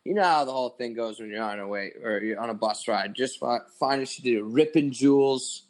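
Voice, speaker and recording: A man's voice: mid-range voice, fairly quick. A man in his twenties, a podcast co-host, telling a long story in casual chat, rambling with lots of "like" and swearing.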